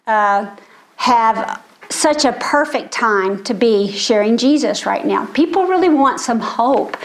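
An older woman with grandchildren, giving a sermon in an earnest storytelling way. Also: a little high. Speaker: speaker.

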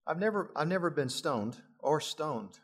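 A man's voice: fairly high pitch, breathy edge. A middle-aged male pastor preaching a sermon, lifting his voice for emphasis and adding chuckling asides.

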